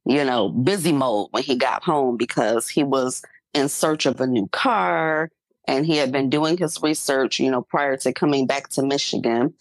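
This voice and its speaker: A woman's voice: very deep voice, normal speed, no echo. A middle-aged woman co-hosting a podcast, telling a personal story in casual chat with fillers and laughs. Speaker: podcast co-host.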